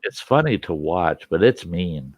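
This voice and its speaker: A man telling a funny story in casual chat, animated, laughing often and swearing freely. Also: sits low, a little slow, no echo.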